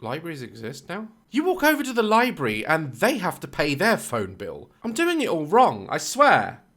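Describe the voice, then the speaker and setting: Sarcastic male reaction host, lively pitch. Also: moderate pace. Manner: sarcastic, joking, mocking asides. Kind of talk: casual reaction commentary. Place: home office.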